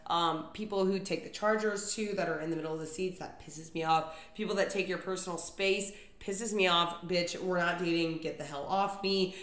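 A woman's voice: lowish voice, fairly even intonation, normal speed, hardly any pauses, a bit bright. Young woman ranting profanely, roomy echo. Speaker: podcast host. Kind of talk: comedic solo rant. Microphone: podcast microphone.

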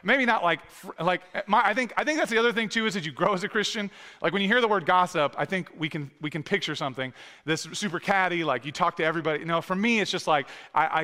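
Sounding a little high, pushed and bright, a pastor in his thirties gives a casual, conversational sermon riddled with fillers and restarts. It's recorded in a church sanctuary with long, echoey hall reverb.

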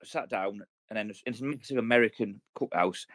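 A man's voice: on the low side, a bit bright, dry recording. A man in his thirties, co-hosting a podcast, telling rambling, slang-heavy stories full of swearing. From United Kingdom. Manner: rapid, rambling storytelling with lots of swearing and military slang. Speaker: podcast co-host. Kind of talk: casual chat.

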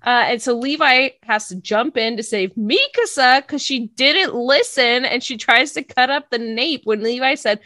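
Young woman host, casual recap chat, animated and giggly, slightly high pitch, dry recording. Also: normal speed, few pauses, no room sound. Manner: animated, laughs often, says "like" a lot. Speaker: podcast co-host recapping an anime.

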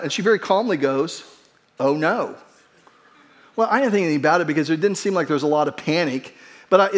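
A middle-aged man, a pastor, preaching a conversational sermon and telling a humorous personal story in an earnest, self-deprecating way. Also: a little high.

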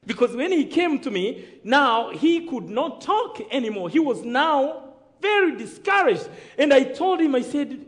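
A man's voice: extremely high pitch, sing-song, moderate pace. A man from Rwanda, telling his testimony as a sermon, storytelling dramatically and calling out to the congregation for amens. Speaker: preacher giving testimony.

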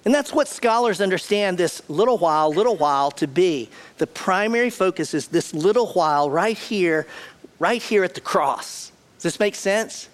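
A middle-aged man preaching a sermon, acting out the quoted lines with shifting voice and pace. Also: moderate pace. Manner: animated, acts out quotes with shifting pitch and pace. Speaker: pastor.

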